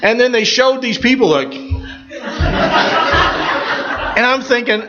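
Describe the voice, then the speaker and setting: A man's voice: very high-pitched, lively intonation, slow, very noisy. An older man, a pastor, giving an informal sermon full of personal stories, telling them in a folksy, rambling way with many restarts. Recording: slightly dull, lo-fi sound.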